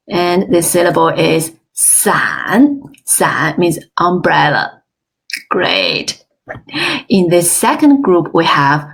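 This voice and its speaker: Slow, lively woman teaching pronunciation. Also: lowish voice, gravelly. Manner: slow, careful, exaggerated tone demonstrations; encouraging, frequent praise. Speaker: Chinese language teacher. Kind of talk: online language lesson, modeling pronunciation. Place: online webinar.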